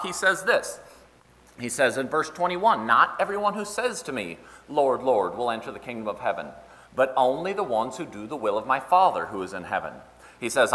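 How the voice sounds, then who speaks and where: A man's voice: on the high side, sharp tone, big-room sound. A man preaching a sermon in a church, earnestly and conversationally, quoting scripture and explaining it plainly. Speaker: pastor. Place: church sanctuary.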